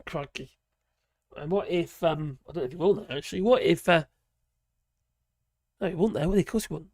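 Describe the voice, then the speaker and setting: Male streamer, hoarse and gravelly, casual rambling host who chuckles and trails off. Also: a little high, fairly quick, darkish tone, no room sound, studio quality. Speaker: livestream host reading viewer chat. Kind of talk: casual live-stream chat.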